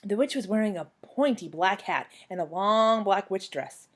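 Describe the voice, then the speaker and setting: A young woman reads a children's chapter book aloud from her couch at home. Her pitch swings widely and her telling is animated, sitting at a middling pitch. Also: moderate pace. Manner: animated, expressive storytelling. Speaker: former teacher reading to a child.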